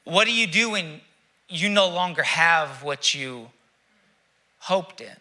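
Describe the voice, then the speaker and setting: A male pastor preaches with a high, sharp-edged voice. He asks rhetorical questions and leaves dramatic pauses between his reflective phrases. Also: expressive. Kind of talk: sermon.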